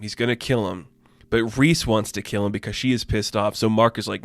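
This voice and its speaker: A man giving a casual, excited comic book review, talking loosely and swearing freely. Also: lowish voice, brisk, no echo.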